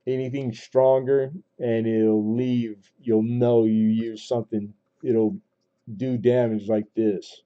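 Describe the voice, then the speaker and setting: A man's voice: mid-range voice, flat delivery, takes it slowly, clean tone. A man hosting a coin auction livestream, rambling casually with many fillers and restarts, calling out last bids. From Southern California. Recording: dull lo-fi stream audio.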